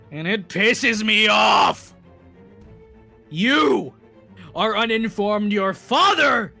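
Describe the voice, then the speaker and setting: A man voicing an arrogant, mocking tyrant king of the seas who sneers and breaks into shouted rage, over faint music. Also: high-pitched, voice pushed up, full character voice.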